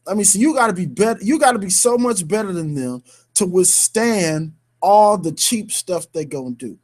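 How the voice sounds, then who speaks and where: A man's voice: high-pitched, a little mellow, slightly rough. A man co-hosting a sports radio show, ranting heatedly in slang-filled talk with bursts of laughter.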